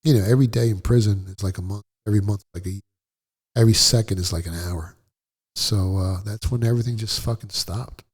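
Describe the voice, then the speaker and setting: A middle-aged man with a low, husky voice tells his story bluntly and profanely, full of swearing and vivid retelling. He talks casually, as a guest in an interview. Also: fast talker.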